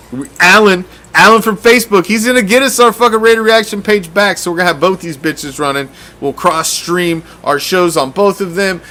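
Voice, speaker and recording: A man hosts a fan sports show in a casual, ranting way, his voice sitting a little high. He swears freely and turns sarcastic as he gets heated, often stumbling and restarting his sentences. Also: bright, forceful tone.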